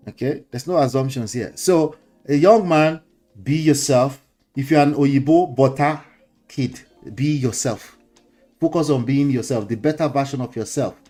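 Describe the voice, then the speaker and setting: A Nigerian-accented man hosts a casual talk show and holds forth like a preacher. He hammers home each point by repeating it, now and then chuckling or slipping into pidgin. His voice sits at an ordinary middle pitch, with faint music playing low behind him. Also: dark tone. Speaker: host.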